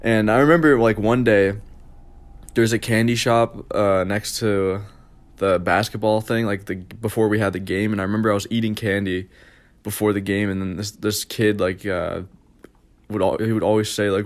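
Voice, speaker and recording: A young man with a lowish voice rambles through a casual storytime for his vlog. He leans on constant fillers and curses freely, drifting from point to point. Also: steady tone, normal speed. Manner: rambling, filler-heavy, profane. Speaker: vlogger.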